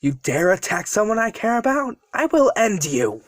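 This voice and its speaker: A man voicing a hot-headed young male hero who shouts brashly. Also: high voice, big pitch swings, moderate pace, no echo, pitched above the performer's own voice. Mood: furious.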